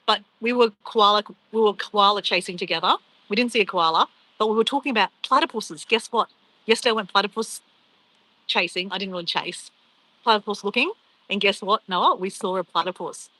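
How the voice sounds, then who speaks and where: A woman's voice: mid-range voice, sharp tone, no echo, poor audio. A young woman chatting casually on a travel live stream, rambling and laughing as she reads viewer comments.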